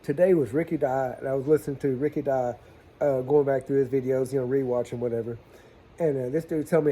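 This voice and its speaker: A man with a warm, steady, medium-pitched voice talks fast as he shares plumbing stories on a casual vlog, chatting in a folksy way with southern-style slang and acting out the conversations.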